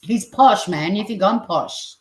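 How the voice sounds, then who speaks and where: A woman's voice: mid-range voice, measured pace, a little mellow. An Australian woman hosting a cooking stream, chatting casually and reading out viewer comments. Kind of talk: casual chat while cooking.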